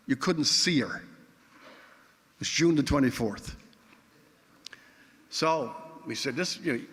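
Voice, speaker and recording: Man, keynote speaker, wry theatrical storyteller, bright forceful voice, big hall reverb. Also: a little high. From Newfoundland, Canada. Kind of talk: after-dinner speech with anecdotes. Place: large event hall.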